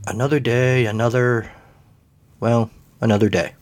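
A man's voice: medium pitch, steady tone, moderate pace, natural voice. A man voicing a tired, glum adult at home in a read-aloud play, dry and exasperated. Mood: weary.

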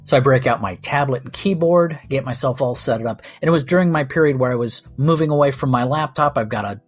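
A man's voice: mid-range voice, slightly rough. A man hosting a podcast, telling a comic story in a wry, sardonic and profane way. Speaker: podcast host. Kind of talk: comedic storytelling monologue.

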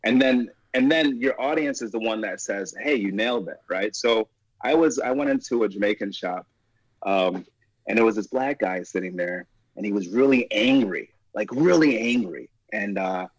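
A man's voice: on the low side, moderate pace, no room sound, poor audio. Dry-voiced man telling comedy stories. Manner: laughs often, breaks into laughter mid-story; emphatic, repeats "you know what I mean". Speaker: stand-up comedian, guest. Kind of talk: animated storytelling chat.

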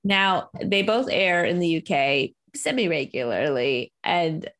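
A woman co-hosting a relaxed podcast, her pitch swinging widely as she talks. She laughs easily and rattles through trivia in a chatty way. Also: measured pace. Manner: laughs often, animated trivia reading. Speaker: podcast co-host. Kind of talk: casual chat.

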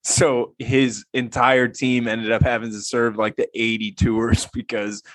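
A man's voice: mid-range voice, level tone, unhurried, no echo. A young man hosting a casual chat, telling a story with frequent laughs. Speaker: podcast host. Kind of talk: casual chat among friends.

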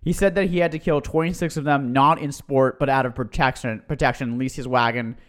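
A man co-hosting a casual podcast, telling history in an excitable, joking way. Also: medium pitch, fairly quick. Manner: excitable, tells history with jokes. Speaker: podcast co-host. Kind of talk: casual chat.

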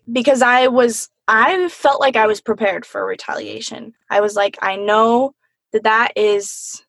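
A woman's voice: mid-range voice, no echo. A young woman telling a personal story in an earnest, candid way.

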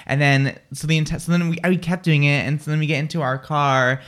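A woman's voice: low-pitched, steady tone, brisk. A woman hosting a radio chat show, rambling and giggly, talking about her night out. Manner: rambling, giggly, playful, slips into silly voices. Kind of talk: casual chat.

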